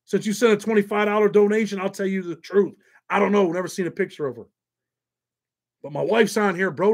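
Chatty man hosting a live stream. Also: sits high. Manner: rambling, profane, quick asides, reads donations aloud. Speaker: livestream host telling prison stories. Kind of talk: casual live chat with viewers.

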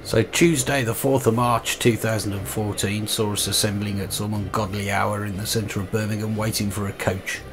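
A man hosting a chat show and narrating a video diary in a measured, conversational way. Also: on the low side, steady tone, music in the background. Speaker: show host.

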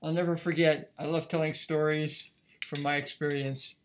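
A man's voice: fairly high pitch, flat delivery, moderate pace, music in the background. A man giving a violin lesson, talking casually and thinking aloud between passages. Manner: conversational, thinking aloud as he plays. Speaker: violin teacher. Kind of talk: music lesson. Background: faint violin playing.

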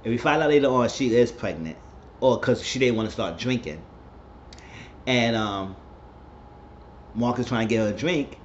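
A man's voice: medium pitch, lively intonation, moderate pace, pauses often, a little hiss or hum. Chatty man recapping a show, lo-fi. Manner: chatty retelling with filler words.

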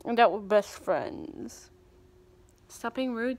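A woman's voice: mid-range voice, expressive, slow pace, some chatter behind. A young woman vlogging at home, teasing her cat in a playful, cooing baby-talk voice. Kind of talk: casual home vlog.

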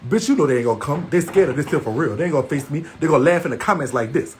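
A man's voice: on the high side, animated, very fast, a little hiss or hum. A man ranting angrily to his viewers, heated, repetitive and confrontational. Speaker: livestreamer. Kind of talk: angry profane rant to viewers.

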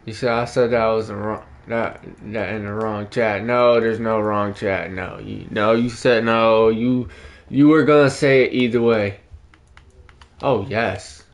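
A man on a game stream talks to his chat in loose slang, drawing his words out slowly. His voice carries a gravelly, fry-heavy edge. He ribs his viewers playfully between plays. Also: on the low side, steady tone. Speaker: gaming streamer. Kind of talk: casual live-stream chat while playing.

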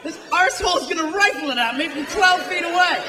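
A man puts on a panicked, grumbling goalie, cursing in a high voice. A loud crowd laughs through a noisy live room. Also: quick pace, echoey room, big-room sound, distant mic. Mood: exasperated. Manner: cursing, exasperated. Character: grumpy, panicked male soccer goalie.

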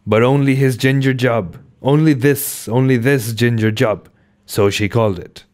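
A man's voice: mid-range voice, fairly even intonation, measured pace, darkish tone, lightly acted. A man reading aloud voices a frightened ship's steward who pleads in a raised, anxious voice. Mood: pleading.

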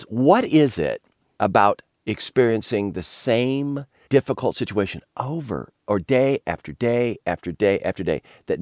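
Deep-voiced pastor telling stories. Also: male voice, no room sound, studio quality. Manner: storytelling, directs others playfully. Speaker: pastor and author, guest. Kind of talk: conversational Bible teaching.

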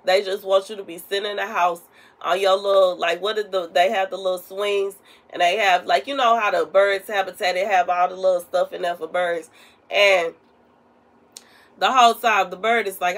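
A woman's voice: medium pitch, fairly even intonation, moderate pace, fairly bright tone. Chatty, rambling woman giving a prophetic message. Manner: rambling and conversational, with frequent asides. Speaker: prophetic minister. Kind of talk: casual spoken prophetic message.

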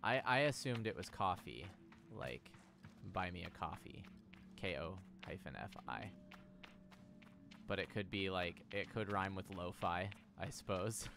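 Low-voiced male game streamer, musing aloud. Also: a little slow. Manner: relaxed and musing, reading game text with feeling. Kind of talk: livestream commentary with read-aloud game text. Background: game music.

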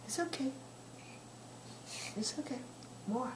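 An older grandmother talking baby talk in a sing-song, coaxing way, now and then dropping to soft whispers. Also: fairly low pitch, animated, slow pace. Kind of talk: baby talk while feeding a child. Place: home, indoors. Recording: echoey home room with background noise.

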